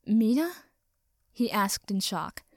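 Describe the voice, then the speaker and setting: A woman reading a story aloud with expressive narration. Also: mid-range voice, moderate pace, no echo, clean studio sound. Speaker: audiobook reader. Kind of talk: reading fan fiction aloud.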